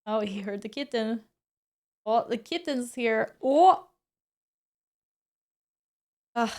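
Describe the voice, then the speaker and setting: A woman's voice: fairly high pitch, animated, extremely slow, pauses often, a little mellow. A young woman streamer chatting casually with her viewers, laughing often and exclaiming as she comments on her cats.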